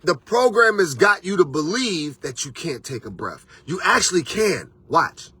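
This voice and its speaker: High, bright-voiced motivational man. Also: moderate pace, breathy edge. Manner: preachy, repetitive, slangy and animated. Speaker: motivational host and life coach. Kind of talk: motivational monologue.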